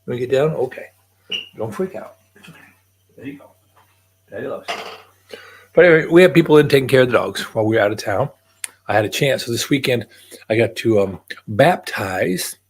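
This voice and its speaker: An older man hosts a loose, chatty livestream from his home, drifting from one thing to the next and greeting viewers by name. His voice is slightly husky and rises and falls a lot as he talks. His pitch sits in the middle for a man. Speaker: livestream host. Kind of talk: casual livestream chat.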